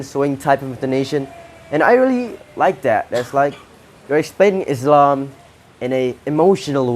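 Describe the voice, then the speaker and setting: A man with an Indonesian accent talks through his verdicts on a poetry contest. He speaks slowly, in short halting phrases with pauses and restarts. A faint hum sits under his voice. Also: medium pitch, a little mellow. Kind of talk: spoken feedback to contestants.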